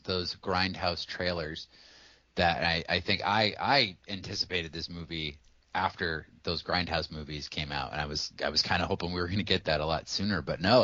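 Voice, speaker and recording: A man's voice: low voice, normal speed, pushed and bright, no room sound, muffled recording. A man from Massachusetts co-hosting a podcast, chatting about a movie in a profane, jokey way. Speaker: podcast co-host. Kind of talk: casual movie chat.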